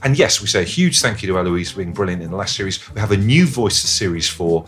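A man's voice: low-pitched, lively intonation, quick pace, fairly bright tone. A man hosting a podcast in casual chat, upbeat and full of questions, keeping the peace. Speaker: podcast host.

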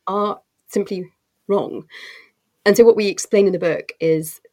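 A woman's voice: medium pitch, normal speed, darkish tone. A woman executive giving expansive, articulate interview answers with frequent fillers and restarts. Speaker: company co-CEO guest.

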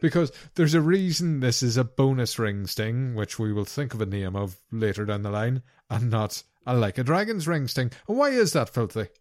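A man co-hosting a podcast, teasing his friend in quick, playful casual banter. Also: mid-range voice, expressive, darkish tone, dry recording, clean studio sound. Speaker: podcast co-host.

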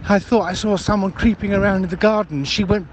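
Casting: high-voiced man, nervous rambling voicemail, loud street noise behind. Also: fairly even intonation, a little fast, dull audio. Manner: hesitant, stammering, full of ums. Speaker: caller leaving voicemails. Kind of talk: improvised comedy voicemail.

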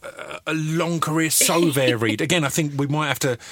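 A man's voice: fairly high pitch, moderate pace, fairly bright tone, no room sound. A man hosting a podcast, chatting in a rambling, self-deprecating way with frequent restarts. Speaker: podcast host. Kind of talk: casual chat.

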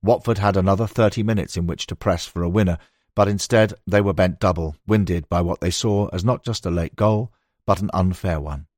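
A man reading a nonfiction book aloud in a measured, storytelling manner. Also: low-pitched, a little mellow, no echo, clean studio sound. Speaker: audiobook narrator. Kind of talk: scripted nonfiction narration.

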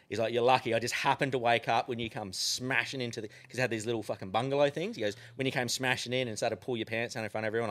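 Fast-talking Australian man spinning a yarn. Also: mid-range voice. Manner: profane, animated yarn-spinning with frequent swearing. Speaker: podcast guest. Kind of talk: casual storytelling.

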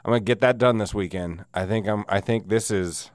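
A man's voice: on the low side, a little fast, no room sound. A man hosting a casual solo podcast, rambling and sardonic with frequent laughs, wheezing through a sinus cold. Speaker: podcast host.

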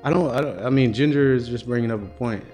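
A man's voice: mid-range voice, fast, darkish tone, faint music behind. A man co-hosting a casual group chat, cracking crude jokes and laughing along as he talks. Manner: joking, crude, laughs often. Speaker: podcast co-host.

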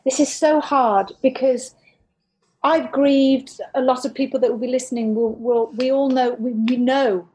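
High-pitched animated woman. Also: moderate pace, poor audio. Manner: animated, acts out quotes in a higher voice. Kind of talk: casual chat.

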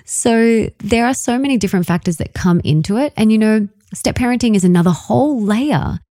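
A young woman hosting a podcast, telling a personal story in an expressive way. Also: fairly high pitch, brisk, no echo, clean studio sound. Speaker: podcast host. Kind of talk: podcast interview conversation.

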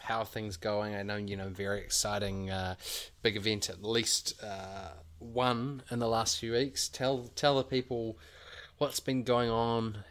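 A man's voice: lowish voice, a bit bright. A man co-hosting a podcast in casual chat, laid-back and hesitant, often trailing off. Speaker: podcast co-host.

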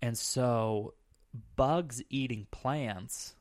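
A man chatting on his own podcast in a relaxed, wandering way, circling back and stacking filler words as he explains. His voice sits in an average range, recorded close and dry with no room sound. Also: medium pitch, extremely slow, dry recording. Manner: rambling, many "like" fillers. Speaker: podcast host. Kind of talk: casual chat.

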